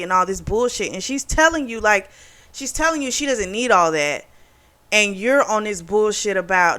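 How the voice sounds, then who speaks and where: A woman's voice: medium pitch, lively intonation, moderate pace, pushed and bright. A woman hosting a book club, retelling a novel's plot in a casual, profane, indignant way and voicing the characters' quotes. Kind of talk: casual book review recap.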